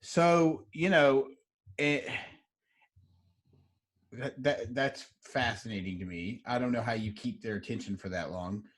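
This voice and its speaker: A man hosting an interview, asking questions casually with halting restarts. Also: mid-range voice. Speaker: podcast host.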